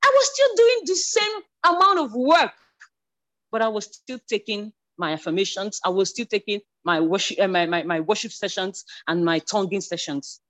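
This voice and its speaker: A woman giving a spoken church testimony, stumbling over restarts, then rising to emotional, near-shouted declarations. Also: medium pitch, sing-song, normal speed. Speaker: church member sharing a testimony.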